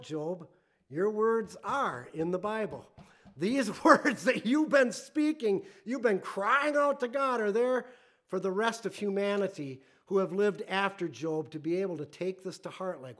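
A middle-aged male pastor preaching a sermon in an earnest way, rising to emotional near-shouting at times. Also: sits high. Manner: earnest, rises to emotional near-shouting when quoting scripture.

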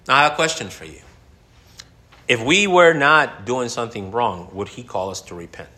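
Animated preaching man, bright echoey voice. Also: medium pitch, normal speed. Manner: animated, conversational preaching with laughs. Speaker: pastor. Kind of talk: sermon.

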